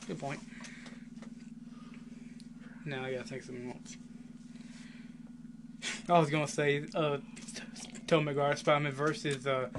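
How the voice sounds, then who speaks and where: A man co-hosting a casual podcast who gives short, halting replies full of fillers. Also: a little high, fairly even intonation. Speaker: podcast co-host. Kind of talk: casual chat. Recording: noisy home recording.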